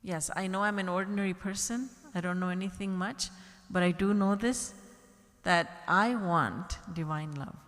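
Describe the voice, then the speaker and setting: A woman's voice: on the low side, normal speed, fairly bright tone. A woman spiritual teacher giving an earnest devotional discourse, full of rhetorical questions. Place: large retreat hall. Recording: long reverb from a large hall.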